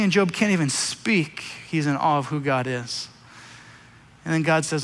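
A man preaching a sermon as a pastor, telling scripture stories with animated voices for the figures. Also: on the high side, moderate pace. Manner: animated storytelling, acting out biblical figures. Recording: echoey hall with long reverb.

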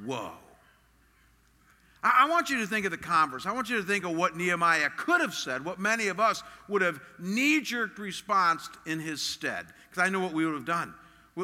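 A man's voice: high voice, big pitch swings, moderate pace, bright, forceful tone, big-room sound. A man preaching a sermon as a pastor, earnest and emphatic in a conversational way.

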